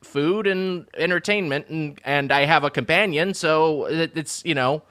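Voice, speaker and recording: A man co-hosting a comedy podcast speaks in a fairly high, bright, clean voice with a forceful tone, unhurried. In the casual comedic chat he comes across earnest and careful, tending to over-explain.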